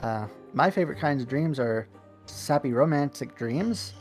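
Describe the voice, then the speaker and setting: A man's voice: mid-range voice, animated, moderate pace, soft background music. Rambling man chatting while gaming. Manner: rambling, chuckling, many restarts. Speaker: streamer playing a city-builder game. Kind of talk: casual group chat while gaming.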